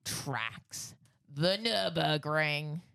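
A man's voice: a little high, drawn-out words, gravelly, pushed and bright, clean tone, dry recording, clean studio sound. An Australian man co-hosting a podcast in casual chat, rambling and correcting himself as he goes. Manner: rambling, self-correcting, laughs easily. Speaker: podcast co-host.

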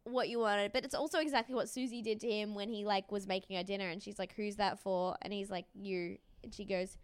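A woman co-hosting a casual chat, recapping a show with animated storytelling, acting out quoted lines and swearing freely. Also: mid-range voice, brisk, clean tone, no room sound, studio quality. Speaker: podcast co-host.

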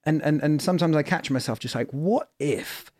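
A man in a casual podcast conversation, halting and repeating words as he thinks aloud. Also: on the high side, a little mellow, no echo, clean studio sound. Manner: halting, repeats words, lots of listening murmurs.

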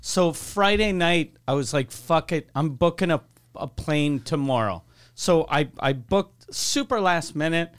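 A man co-hosting a podcast in casual chat, laughing often and asking quick questions. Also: fairly high pitch, expressive, clear, resonant tone. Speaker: podcast co-host.

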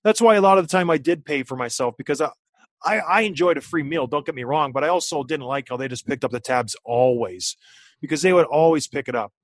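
A man in his thirties telling a story in casual chat, animated and acting out what people said. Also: on the high side, fast, dry recording. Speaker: podcast guest, former hockey player.

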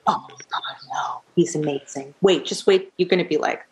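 A middle-aged woman with a slightly low voice tells stories from her music career in a casual interview. She is animated, laughs often and acts out the lines of the people in her stories. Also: moderate pace. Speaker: musician guest.

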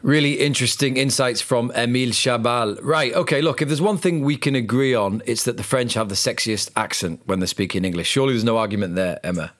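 A man hosts a podcast in a quick, playful patter, steering the talk with leading questions. He speaks fast at a middle pitch. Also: a bit bright. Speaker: podcast host. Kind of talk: casual chat.

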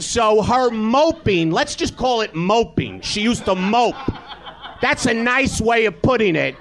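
A man tears into a stand-up rant. His voice sits very high and sounds forceful and sharp. He is loud, profane and exasperated throughout. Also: slight background noise. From New York. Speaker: comedian guest. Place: live comedy theater stage.

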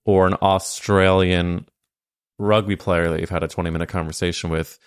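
A man's voice: low-pitched, steady tone, normal speed, smooth. A man hosting a podcast, asking playful, teasing questions in a casual chat. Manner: playful and teasing, laughs often. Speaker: podcast host.

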